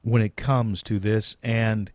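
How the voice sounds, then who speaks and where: A man's voice: fairly low pitch, flat delivery, slow, no echo. A man hosting a live-stream talk show, speaking in an earnest, preacherly storytelling way with frequent restarts. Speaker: host.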